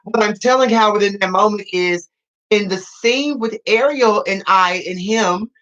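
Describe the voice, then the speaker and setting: A man's voice: sits high, unhurried, pushed and bright, muffled recording. A man reviewing a reality show he is part of, in casual podcast talk, sassy and dramatic, repeating phrases for emphasis. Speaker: reality TV cast member reviewing his show.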